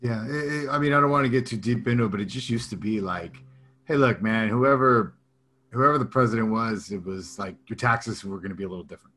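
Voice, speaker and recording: A man's voice: on the low side, fairly quick, fairly bright tone. A man in his thirties or forties co-hosting a podcast in casual, rambling chat, laughing often as he talks. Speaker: podcast co-host.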